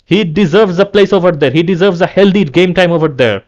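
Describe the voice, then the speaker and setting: A man's voice: sits high, fairly quick, a little mellow, lo-fi sound. A man vlogging an angry, repetitive fan rant, often restarting his sentences.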